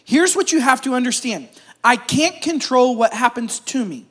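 During a church service, a pastor preaches a conversational sermon in a very high-pitched, expressive, slightly bright voice at a moderate pace. He jokes with his congregation and calls out to them.

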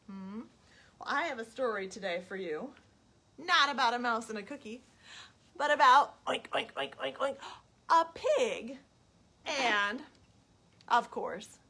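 A woman librarian leads a children's storytime on a livestream, playful and animated. Her voice is high and bright, and she takes her time. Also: breathy edge. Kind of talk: children's storytime reading and singing. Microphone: webcam or phone, livestream.

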